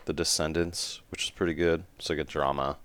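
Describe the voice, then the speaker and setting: A man's voice: very deep voice, fairly even intonation, fairly quick, fairly bright tone, clear, resonant tone, no room sound, studio quality. A man co-hosting a podcast, laid-back and agreeable in casual movie chat. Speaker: podcast co-host.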